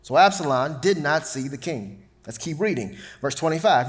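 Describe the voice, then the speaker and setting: A man's voice: on the high side, moderate pace, few pauses. A man preaching a sermon, reading scripture dramatically. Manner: animated, dramatic Bible reading. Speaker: pastor.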